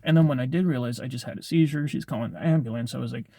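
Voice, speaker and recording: A man's voice: medium pitch, rapid-fire, creaky, mellow, dry recording, clean studio sound. A young man casually telling a personal story on his vlog, rambling, with lots of filler words and swearing. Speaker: vlogger.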